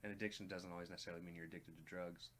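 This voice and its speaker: A man's voice: low-pitched, steady tone, racing, a bit bright, a little hiss or hum. A man co-hosting a music reaction video in casual chat, speaking earnestly and plainly, often addressing viewers directly. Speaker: reaction channel co-host.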